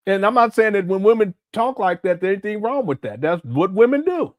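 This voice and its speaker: A man from Southern California with a fairly high voice hosts a reaction commentary. He talks candidly and with animation, often restarting his sentences, in a dry, close recording. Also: no echo. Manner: candid and animated, with frequent restarts and quick asides. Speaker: commentator and channel host.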